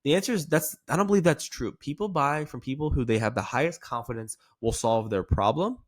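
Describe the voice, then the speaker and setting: A man teaching insurance sales in an energetic coaching style, checking in with "okay" as he goes. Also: medium pitch, fairly quick, no echo, studio quality. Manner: energetic, repeating "okay" often. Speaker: sales trainer. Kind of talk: coaching lesson to camera.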